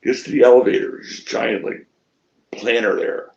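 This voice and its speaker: A middle-aged man, a wrestling promoter, tells stories in a shoot interview with a mid-range, creaky voice at a moderate pace. He's animated, acting out what people said and swearing freely. The audio sounds dull.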